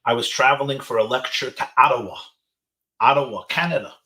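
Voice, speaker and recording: A man's voice: medium pitch, fairly quick, bright, forceful tone. A man, a rabbi, giving an inspirational talk to teenagers over a webinar, telling stories sprinkled with Yiddish and Hebrew phrases. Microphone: webinar video call.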